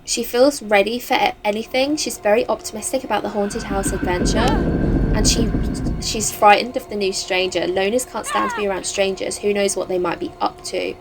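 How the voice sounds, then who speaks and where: Excitable woman playing a game. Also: mid-range voice, normal speed, heavy background noise. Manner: chatty, excitable, many "like" fillers and gasps. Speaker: gaming channel host. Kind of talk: casual let's play commentary.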